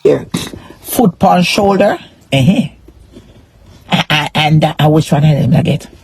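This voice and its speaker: A Jamaican woman rambling through a casual live-stream rant, repeating herself and pressing every point. Her voice is husky and breathy, and it sits close and dry with no room sound around it. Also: deep voice, expressive, measured pace, a little mellow, dry recording. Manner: rambling, repetitive, emphatic. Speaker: social media personality.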